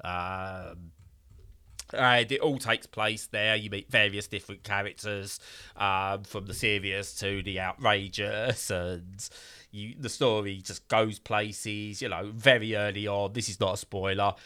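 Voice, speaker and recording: A man's voice: on the low side, fairly even intonation, unhurried, bright, forceful tone, clean tone. A man casually reviewing a game in a podcast chat, rambling with fillers and bursts of exasperation.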